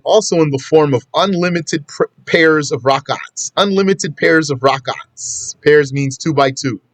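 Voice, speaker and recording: A man's voice: a little high, no room sound. Man giving a casual, repetitive religious lesson. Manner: conversational, repeats points for emphasis. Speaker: Islamic teacher.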